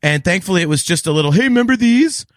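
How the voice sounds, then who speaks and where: A man co-hosting a casual podcast review, ranting loudly and swearing often. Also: high-pitched, lively intonation, fast, dry recording, studio quality. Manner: profane shouting rants. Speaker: podcast co-host.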